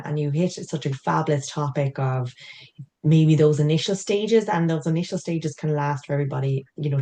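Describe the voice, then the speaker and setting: A woman hosts a conversational interview in a deep, mellow voice. She is effusive and affirming toward her guest, and she strings her points together with plenty of filler phrases. Her tone stays low and soft throughout. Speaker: interview host.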